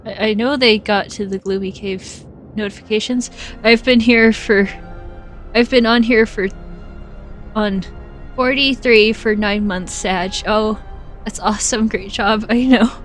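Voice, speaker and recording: A woman's voice: medium pitch, fairly even intonation, a little slow, soft background music. A woman streaming a game, chatting casually with viewers, giggling often and hiccupping. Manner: giggly, laughs often between lines. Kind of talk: casual live-stream chat while gaming.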